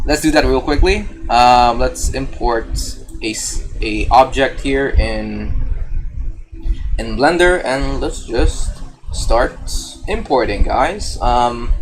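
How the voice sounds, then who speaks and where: A man's voice: medium pitch, a little hiss or hum. A man live-streaming a game development tutorial, talking casually and thinking aloud as he works.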